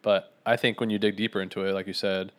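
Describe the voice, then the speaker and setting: A man's voice: low voice, little pitch movement, fast. A young man co-hosting a podcast, talking in a laid-back, rambling, slangy way. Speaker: podcast co-host. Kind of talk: casual chat.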